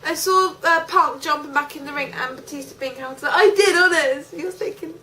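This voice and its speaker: A woman's voice: sits high, a little fast, pushed and bright, distant mic, slight background noise. A young woman co-hosting a casual chat about wrestling, earnest and playfully stubborn. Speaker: wrestling show co-host.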